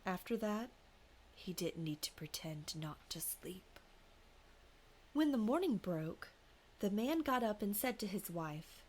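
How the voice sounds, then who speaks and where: A woman podcast co-host narrating a folk ghost story in a hushed, whispery way, then chatting casually. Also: medium pitch, very animated, slow pace, pauses often.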